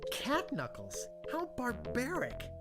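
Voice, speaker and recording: A man's voice: very high voice, wildly swooping pitch, slow, full character voice. A man voicing a young pirate hero in an adventure game, with dry, wry remarks. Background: game music.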